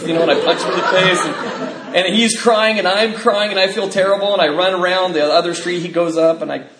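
A man's voice: high voice, steady tone, brisk, roomy sound, a loud crowd, heavy background noise. A man sharing a personal testimony, telling the story of his life candidly, with fillers and nervous laughs.

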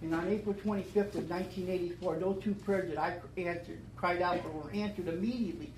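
A man's voice: sits high, steady tone, a little fast. Earnest man testifying in an echoey room. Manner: earnest and repetitive, swelling to loud emphatic declarations. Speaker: speaker at a recovery meeting. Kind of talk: personal testimony to an audience. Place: meeting room. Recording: echoey room with faint background hum.

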